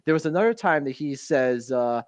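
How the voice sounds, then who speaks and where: A man's voice: on the high side, animated, moderate pace, dry recording. Chatty, laughing young man on a podcast. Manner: rambling, laughs often, quotes lines in a put-on voice. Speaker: podcast co-host. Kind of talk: casual chat.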